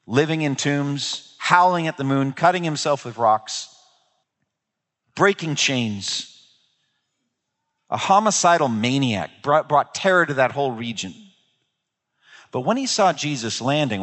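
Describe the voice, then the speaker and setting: A man's voice: mid-range voice, animated, a little slow, long pauses, a bit bright. A man preaching a sermon, emphatic and repeating key phrases for weight, dropping into quoted voices. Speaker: pastor. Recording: long reverb of a large hall.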